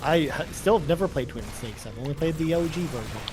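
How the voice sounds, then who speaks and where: A man's voice: on the high side, lively intonation, fast talker, background noise. A man co-hosting a gaming livestream, wry and knowing, steering the group through the game. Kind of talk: casual chat while gaming.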